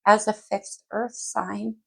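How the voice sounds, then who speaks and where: A woman's voice: medium pitch, little pitch movement, slow pace, creaky, a little mellow, slightly rough, rough recording. A woman giving a casual general tarot reading, talking straight to the viewer and wandering off her thread before picking it back up. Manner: rambling, loses and picks up her thread; talks straight to the viewer by sign. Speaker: tarot reader.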